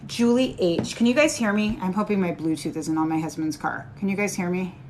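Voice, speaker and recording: A woman's voice: fairly low pitch, a little fast, a little mellow, a little hiss or hum. A woman giving a live-stream tarot reading, reassuring and chatty with her viewers. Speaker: tarot reader.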